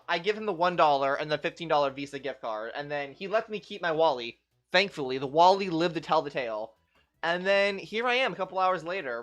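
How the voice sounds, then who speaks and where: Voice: medium pitch, fairly bright tone. Rambling young streamer, faint music behind. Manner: rambling storytelling, heavy on "like" fillers. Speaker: game streamer. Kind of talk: casual livestream chat.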